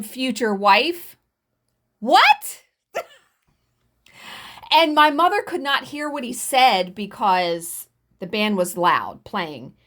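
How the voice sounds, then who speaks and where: A woman in her forties with a fairly high voice that swoops up and down, chatting her way through a story as she stitches. She swears freely and acts out everyone's lines. The talk stays casual and expressive. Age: 40s. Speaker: cross-stitch vlogger.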